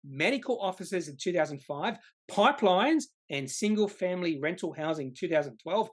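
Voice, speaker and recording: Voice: mid-range voice, animated, moderate pace. A presenter of an investing channel explains a topic from slides, stressing key words and sometimes correcting himself mid-sentence. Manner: emphatic, repeats key words, occasional self-corrections. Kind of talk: slide-based explainer lesson.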